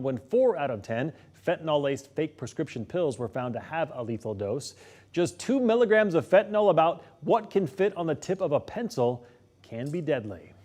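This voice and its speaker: Man reading the late news. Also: on the high side. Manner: steady, measured delivery. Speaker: news anchor.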